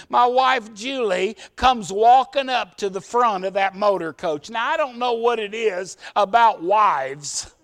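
A man, a preacher telling a story in a sermon in a folksy way. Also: very high-pitched. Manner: folksy storyteller, acts out shouted quotes.

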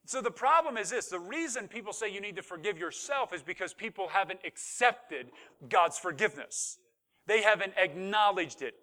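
A man's voice: sits high, expressive, normal speed, pushed and bright. A man pastor preaching a sermon with rising fervor, asking the congregation for responses.

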